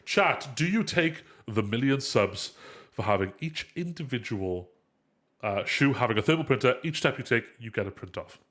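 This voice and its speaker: A man's voice: medium pitch, animated, moderate pace, fairly bright tone. A man hosting a live podcast, sounding congested and stuffy, rambling and correcting himself as he talks. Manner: rambling, self-correcting, playful. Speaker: podcast host. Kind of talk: casual podcast chat.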